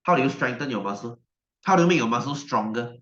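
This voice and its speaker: A man's voice: medium pitch, expressive, fast talker, a bit bright. A male science teacher, giving a chatty online class lecture and repeating his questions to the class. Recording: dull, roomy echo.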